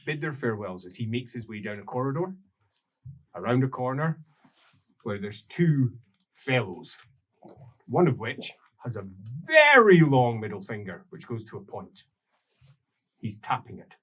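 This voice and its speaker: A man's voice: mid-range voice, very animated, unhurried, long pauses, a bit bright. A man narrating as game master in an improvised tabletop game, telling the story with restarts.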